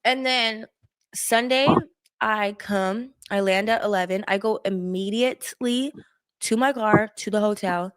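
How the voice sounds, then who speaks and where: A woman's voice: mid-range voice, a little slow, clear, resonant tone. A woman telling a rambling story in casual chat, laughing and acting out what people said. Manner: rambling, laughing, acts out quotes.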